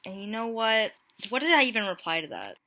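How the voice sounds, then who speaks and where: A woman's voice: fairly high pitch, wildly swooping pitch, brisk, pushed and bright. A young woman in her twenties reading out dating-app messages in a playful, self-mocking vlog. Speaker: YouTuber. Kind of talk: casual vlog commentary. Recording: home mic, plain audio quality.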